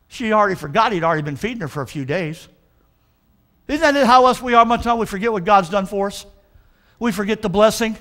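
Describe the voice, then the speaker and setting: A male pastor with a notably high voice preaches to his congregation in a church. He talks emphatically and keeps calling for answers from the pews. He slows right down to stress each line of scripture. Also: a bit bright. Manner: emphatic, call-and-response with the congregation. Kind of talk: sermon.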